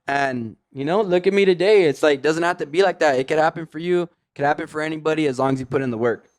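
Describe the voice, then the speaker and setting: A man's voice: fairly high pitch, fast talker. A man, a podcast guest in recovery, telling his story in casual slang, full of "like" and "you know what I mean".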